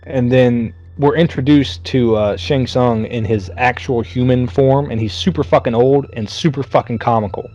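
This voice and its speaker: A man's voice: mid-range voice, steady tone, moderate pace, few pauses, darkish tone, muffled recording. A man co-hosting a podcast, retelling a movie in casual chat, swearing freely and putting on mocking voices for the characters. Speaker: podcast co-host.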